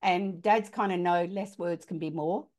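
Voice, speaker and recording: A middle-aged woman with an Australian accent, speaking as a parenting author on a podcast and telling animated stories with voiced dialogue. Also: on the low side, measured pace. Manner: animated storyteller, acts out quoted dialogue. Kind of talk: conversational podcast storytelling.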